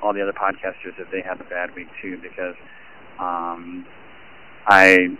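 A man calls in from his car and leaves a long, rambling voicemail, stringing thoughts together with plenty of ums. His voice sits low, and it comes through a thin, tinny phone line with a faint hiss behind it. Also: monotone, normal speed. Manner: rambling and chatty, many fillers. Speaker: caller, sales rep. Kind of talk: voicemail message to a podcast. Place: in a car while driving.

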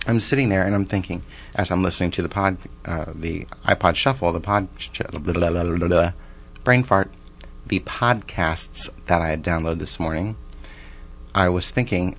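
A man's voice: sits low, normal speed, a bit bright. A man in his forties telling a personal story in a chatty, rambling way, with restarts and side remarks. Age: 40s.

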